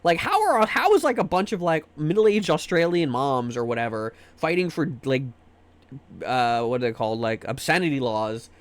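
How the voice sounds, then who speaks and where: This livestream host, a young American, chats casually at a moderate pace in a high-leaning, sing-song voice. His talk is a rambling, profane rant in which words get repeated each time he starts a sentence over.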